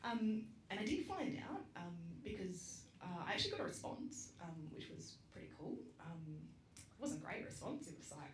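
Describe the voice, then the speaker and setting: A speaker with an Australian accent telling a funny story at a community vigil, chatty and self-deprecating, with lots of ums and laughter. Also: female voice, medium pitch, big pitch swings, fast. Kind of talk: casual storytelling speech. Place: public gathering in a roomy space. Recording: roomy echo with background noise.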